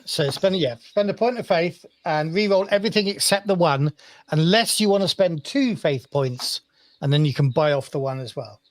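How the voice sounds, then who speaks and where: Fairly high-voiced male game master. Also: moderate pace, no echo. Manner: relaxed, rambling with many fillers. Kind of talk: running a tabletop game.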